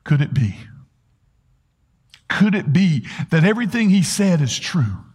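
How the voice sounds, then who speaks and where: A man's voice: sits high, big pitch swings, measured pace, a little mellow, breathy edge. A man preaching a sermon, earnestly retelling a story and asking rhetorical questions. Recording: long hall reverb.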